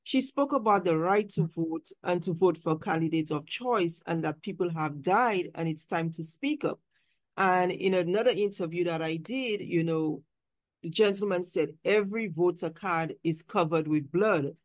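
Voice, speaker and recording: A woman's voice: lowish voice, moderate pace, no echo. Woman interviewer with a dry sound. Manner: conversational, with frequent "you know". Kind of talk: interview questions.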